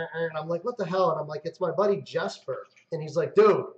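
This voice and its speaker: A man with a high voice hosts a casual live-stream chat. He tells stories excitably, swears freely and acts out his own outbursts. The sound carries a roomy echo. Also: highs cut off. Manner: excitable storyteller, swears, mimics himself loudly. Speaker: host.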